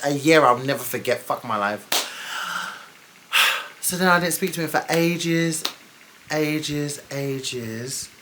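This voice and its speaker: Woman, young adult, low voice, casual storytime vlog, blunt, swears. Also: bright, forceful tone, a little hiss or hum. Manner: blunt and candid, swears freely, exasperated asides. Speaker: storytime vlogger.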